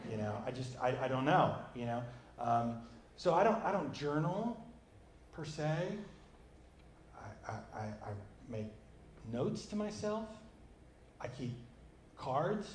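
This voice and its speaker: A man's voice: mid-range voice, very animated, slow pace, pauses often. Emphatic male preacher in an echoey room. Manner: emphatic, swings between loud and quiet. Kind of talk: conversational sermon. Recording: roomy echo with faint background noise.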